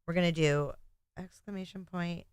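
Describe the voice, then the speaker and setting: A middle-aged woman chats on her home livestream in a smooth, clear voice that sits a little low. She talks casually to her viewers, reading their names and thanking them. The sound is dry and close, with no room echo. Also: fairly even intonation, normal speed. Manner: chatty and emotional, thanking viewers by name. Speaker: livestream host.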